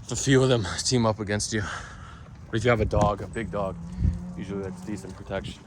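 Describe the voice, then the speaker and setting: A man's voice: lowish voice, fairly even intonation, fast talker, very noisy. A man vlogging about crypto and his day in a loose, digressive monologue full of restarts and asides. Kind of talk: casual rambling monologue.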